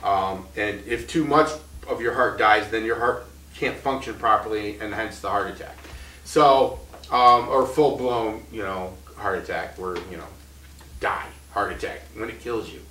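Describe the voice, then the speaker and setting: A man's voice: on the low side, measured pace, bright, forceful tone, roomy sound, far from the mic, low-quality recording. A man in his thirties telling his own story in a casual, rambling way, full of restarts and short laughs. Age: 30s.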